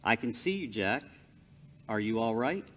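A man voicing God as a calm, patient presence, speaking gently. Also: medium pitch, normal speed, voice pushed down, natural voice. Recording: long hall reverb.

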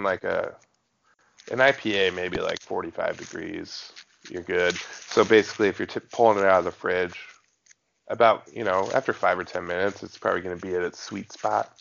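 A podcast co-host chats casually, rambling with lots of fillers and restarts. His low voice is creaky yet fairly bright, and the lo-fi recording carries slight background noise.

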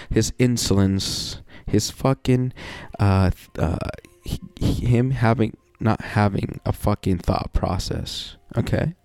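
A man's voice: fairly low pitch, measured pace, gravelly, a little mellow, no echo. A man in a casual personal monologue, rambling and reflective, leaning on "you know" and swearing often, with wry sighs and laughs between thoughts.

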